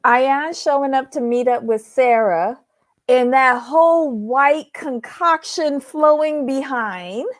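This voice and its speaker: A woman's voice: high voice, slow pace, no room sound. A woman co-hosting a casual recap chat, rambling with fillers and restarts as she goes through her takeaways. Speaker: podcast co-host.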